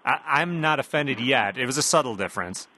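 A man interviewing guests on the radio, asking quick friendly questions. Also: medium pitch, lively intonation, bright, forceful tone.

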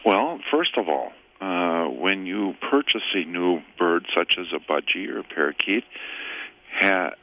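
A man who owns a pet store, a guest on a radio call-in show, giving relaxed, plain-spoken advice with many fillers. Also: low voice, measured pace, muffled recording.

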